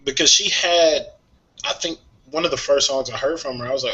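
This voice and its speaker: A man co-hosting a casual music talk show, sharing strong opinions in a lively way and laughing often. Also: medium pitch, fairly quick. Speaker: podcast co-host. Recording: dull lo-fi sound.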